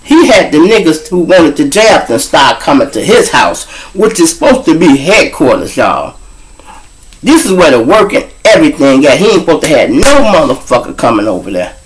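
A man's voice: on the high side, very animated, normal speed, poor audio. A middle-aged man, hosting his show and telling street stories animatedly, acting out scenes with sound effects and voices. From Chicago. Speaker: show host and storyteller. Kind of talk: street storytelling monologue.

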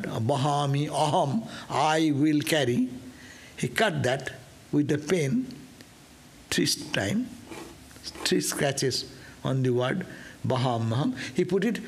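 Male monk storyteller for a scripture class, lively pitch, unhurried delivery. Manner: animated storyteller, acts out voices, asks "no?". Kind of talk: sermon storytelling.

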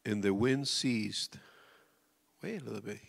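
This pastor's voice is fairly low, creaky, and unhurried as he preaches. His sermon alternates between loud outbursts and soft near-whispers, and he addresses questions directly to his congregation.

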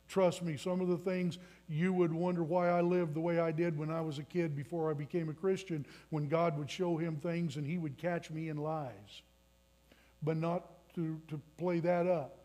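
A pastor in his twenties preaches a sermon in a church sanctuary, earnestly telling a personal story that builds to emphatic appeals. His voice is high and mellow.

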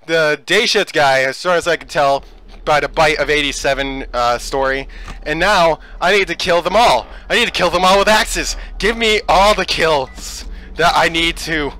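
A man giving let's play commentary, excitable and swearing as he yells at the game. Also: a little high, poor audio.

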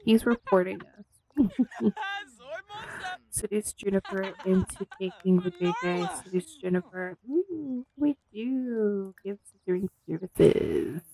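A woman commentating casually on her own gameplay, gasping and voicing the characters in quick asides. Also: medium pitch, creaky, a crowd in the background, low-quality recording. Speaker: gameplay streamer. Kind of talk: casual let's-play commentary.

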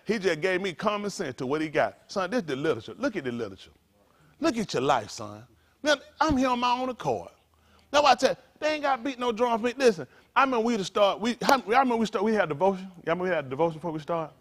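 Animated high-voiced preacher. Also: male voice, quick pace. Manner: animated, colloquial, rhetorical questions. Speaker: pastor. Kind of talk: conversational sermon.

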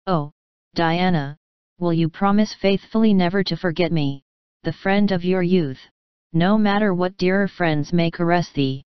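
A dreamy, dramatic young girl full of romantic, old-fashioned turns of phrase, as a woman reads her in an audiobook. The voice sits fairly low and smooth, with a slightly dull, lo-fi sound. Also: a little slow, no room sound, close to an everyday voice. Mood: tearful. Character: dreamy, dramatic orphan girl, about eleven. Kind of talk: audiobook reading.

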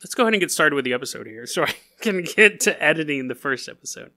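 A man's voice: fairly high pitch, expressive, fast, bright, forceful tone. A man hosting a podcast, telling stories in a casual, joking way, laughing often and acting out silly voices. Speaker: podcast host. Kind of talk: casual comedic storytelling.

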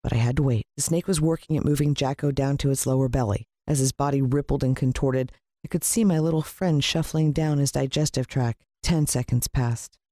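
With a slightly fast pace, a narrator reads aloud from a children's adventure story in a lively, expressive way, pitch jumping up whenever dialogue comes. There's no room sound, and the audio is studio quality.

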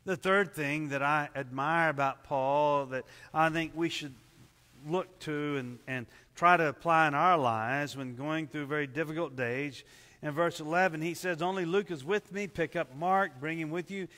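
A man preaching a sermon in an earnest, measured way, dropping softly for emphasis. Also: fairly even intonation, long reverb tail. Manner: earnest, measured, drops to soft low tones for emphasis. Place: church service at a camp.

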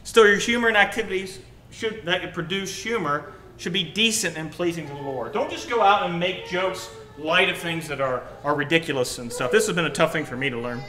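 A young adult man preaching a sermon to his congregation, telling personal stories in an animated, joking way. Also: fairly high pitch, a little fast. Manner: animated, jokey storytelling. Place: church hall. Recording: roomy church hall.

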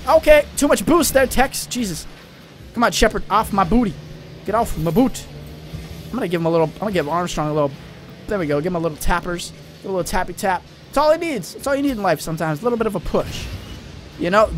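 A young man with a high, bright voice runs an excitable let's-play commentary, rambling through jokes and shouting at his teammates. Soft music plays underneath him. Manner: hyper, rambling, yells at teammates. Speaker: gaming channel host.

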